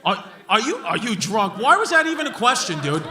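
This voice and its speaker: A man with a New York accent doing brash, profane stand-up crowd work, roasting hecklers and often shouting. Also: high voice, very animated, fairly quick. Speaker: stand-up comedian. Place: comedy club stage with a laughing crowd. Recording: live club audio with crowd laughter.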